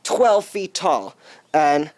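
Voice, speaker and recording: A man's voice: a little high, big pitch swings, very slow, darkish tone, dry recording. A man being interviewed as an actor guest, answering in an eager, chatty, rambling way.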